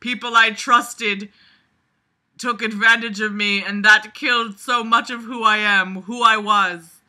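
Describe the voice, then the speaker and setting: Hurt crying teen girl in a storybook, a woman reads her out kinda flat, bright voice. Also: a little high, measured pace. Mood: upset plea. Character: tearful, wounded teenage girl confronting a boy.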